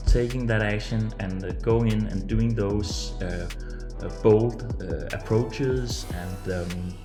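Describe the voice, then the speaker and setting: A man giving a halting testimonial as a former student, with frequent "uh" fillers. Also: on the low side, reverberant.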